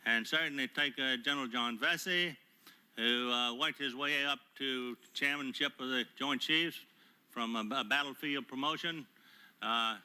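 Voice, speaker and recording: An older man, a retired admiral, giving prepared testimony at a hearing in a formal, measured way with frequent hesitant pauses, speaking into a table microphone. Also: mid-range voice, pushed and bright, clean tone. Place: hearing room.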